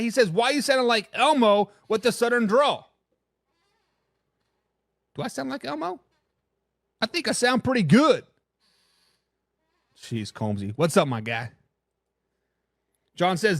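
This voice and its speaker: Clean studio sound without echo carries this man's high-sitting voice as he runs a live sports talk stream. He's blunt in his views, answers chat, and when worked up he stumbles and says words twice.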